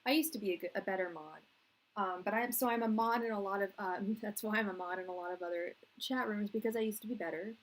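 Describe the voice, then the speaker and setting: This young Englishwoman is a tarot reader hosting a live stream, her medium-pitched voice quick on a low-quality recording. She chats loosely with viewers in slangy, easygoing talk, drifting between thoughts and laughing often.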